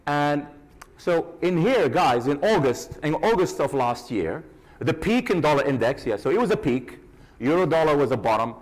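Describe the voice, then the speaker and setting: A man giving a live trading seminar to an audience, animated and teasing, calling out to the crowd directly. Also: a little high, normal speed, rough recording. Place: conference hall with a live audience.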